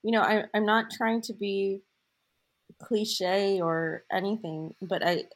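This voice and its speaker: A woman's voice: mid-range voice, level tone, slow pace. A woman co-hosting a podcast, talking casually and emotionally, gushing with gratitude. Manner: gushing, emotional, a bit teary. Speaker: podcast co-host.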